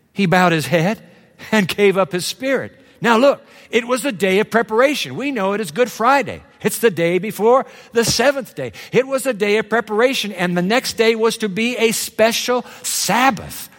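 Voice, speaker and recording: A man preaching a sermon with dramatic swings from low murmurs to high exclamations. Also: a bit bright, long reverb tail.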